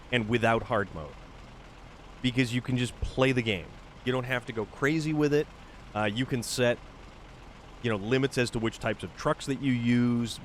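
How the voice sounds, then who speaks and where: A man's voice: medium pitch, slight background noise. A man streaming a truck game, chatting casually and rambling to himself about his moves. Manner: rambling, self-amused, muttering to himself. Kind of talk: casual gameplay commentary.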